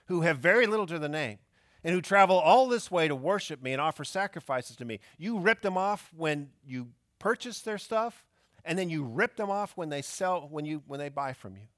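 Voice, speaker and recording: A man's voice: fairly high pitch, lively intonation, moderate pace, a bit bright, dry recording, clean studio sound, pitched above the performer's own voice. A man preaching while voicing an indignant man who scolds temple cheats in an accusing tone.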